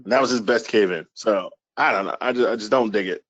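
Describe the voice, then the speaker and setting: A man's voice: on the low side, fast talker, a bit bright, husky, highs cut off. A man co-hosting a casual podcast, rambling and swearing as he recaps events. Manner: rambling, profane, recaps with quoted bits. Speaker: podcast co-host.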